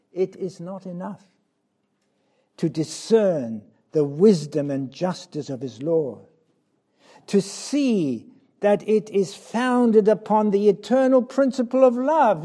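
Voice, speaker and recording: A male preacher with a high, warm voice that climbs and falls dramatically. He speaks slowly and passionately, pressing his listeners with questions and dropping from ringing cries to hushed asides. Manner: impassioned, swings from loud cries to low quiet asides. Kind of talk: sermon.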